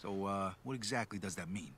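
A man's voice: low voice, a little fast, a bit bright, slight background noise. A man voicing a young, streetwise and wary crook in a video game, speaking in a guarded way. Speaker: game protagonist.

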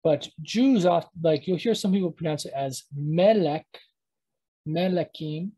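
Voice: medium pitch, mellow, slightly rough, low-quality recording. A teacher giving a live online lesson, talking at a computer mic while screen-sharing and often stopping to correct themselves. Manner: halting, self-correcting, thinks aloud.

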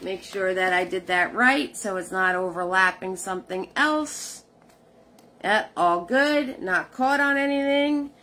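A woman's voice: mid-range voice, a little slow, few pauses, pushed and bright, slight background noise. A woman leading a live painting tutorial, chatting with her viewers as she works. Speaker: painting instructor.

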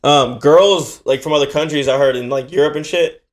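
A man's voice: a little high, brisk. A man co-hosting a podcast in loose, crude, joking chat, swearing often. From United States. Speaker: podcast co-host. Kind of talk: casual chat.

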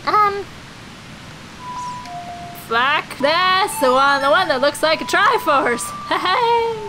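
A woman's voice: very high-pitched, animated, slow pace, poor audio. A young woman in loopy gameplay commentary, goofy and crude, giggling as she plays. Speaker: let's player. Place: small hot recording room. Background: game music.

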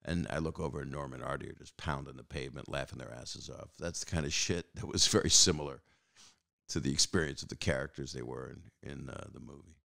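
A man's voice: extremely low pitch, fairly even intonation, quick pace, gravelly, pushed and bright. A man in his sixties hosting a podcast, rambling through casual stories with fillers and restarts, acting out other people's lines. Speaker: podcast host. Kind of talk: casual storytelling.

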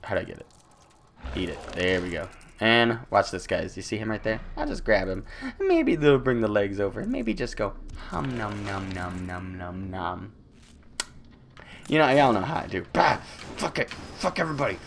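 Male let's-play commentator, gravelly and lively, goofy, taunting, bursts into yells. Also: on the low side, fairly quick, slight background noise. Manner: goofy, taunting, with sudden loud outbursts. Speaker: gameplay commentator.

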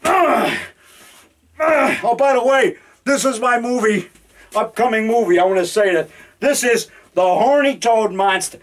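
A man in his fifties rambling excitedly through a home video in his basement, now and then growling mock monster roars. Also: high voice, moderate pace. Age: 50s. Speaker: independent horror filmmaker. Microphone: handheld digital camera.

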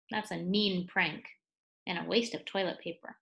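A woman reading a children's picture book aloud, pausing to explain words and add playful asides. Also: on the low side, fairly even intonation, creaky, a bit bright. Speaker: read-aloud storyteller for children.

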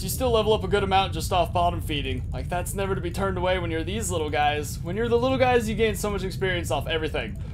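A young man commentating a game casually, excitable and swearing, with frantic outbursts. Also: sits high, noisy background. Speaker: gameplay commentator. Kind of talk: casual let's-play commentary.

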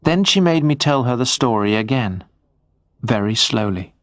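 A man narrating a first-person story for English learners in a slow, clear, measured reading. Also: medium pitch, animated, fairly bright tone, dry recording, studio quality.

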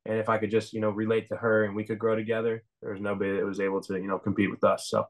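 Fast-talking young man, flat delivery. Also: lowish voice. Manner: rambling, enthusiastic storytelling with many "you know"s. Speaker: reality show winner, interviewee. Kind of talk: casual interview chat.

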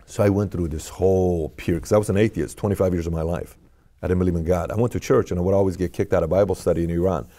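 A man's voice: sits low, fairly even intonation, quick pace, warm tone. A middle-aged man, a podcast guest, telling a personal story in an earnest, questioning way.

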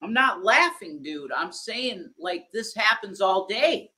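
A man co-hosting a live stream, defending himself in a heated back-and-forth. He swears easily and drops "dude" and "man" into his lines. He sounds exasperated rather than loud. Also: high-pitched, expressive, takes it slowly. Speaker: streamer, co-host.

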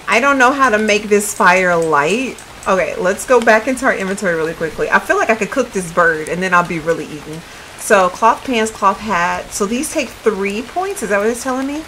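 A woman's voice: mid-range voice, fairly bright tone, a little hiss or hum, poor audio. A woman giving casual let's-play commentary, chatty and puzzled, thinking aloud to her viewers. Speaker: gaming video creator.

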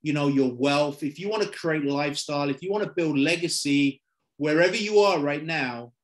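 Speaking at normal speed in a slightly high voice, a middle-aged London man delivers a cheerful online sales pitch via video call. His London English accent comes through as he asks "okay?" and "right?" along the way.

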